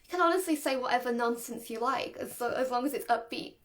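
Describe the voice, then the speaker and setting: Woman, dog trainer, animated, chatty casual lesson, high voice. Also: brisk. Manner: chatty, laughs often, animated. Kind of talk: casual instructional talk.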